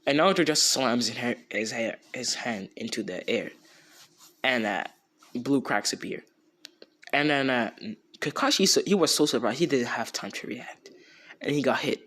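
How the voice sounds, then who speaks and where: A man's voice: mid-range voice, lively intonation, normal speed, a bit bright. A young man casually retelling a fan story off the cuff, rambling and slangy, with many fillers and restarts.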